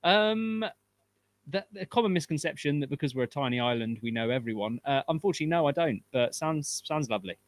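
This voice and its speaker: A man's voice: a little high, expressive, a little fast, no echo. A man from England with an English accent, a guest in a casual chat, polite and dryly humorous. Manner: polite, dry humour.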